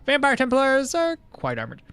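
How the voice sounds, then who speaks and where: A man's voice: extremely high pitch, huge pitch swings, moderate pace, a bit bright, clean tone, dry recording. A man streaming a game live, chatting casually and answering his chat while he plays. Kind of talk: casual live gameplay commentary.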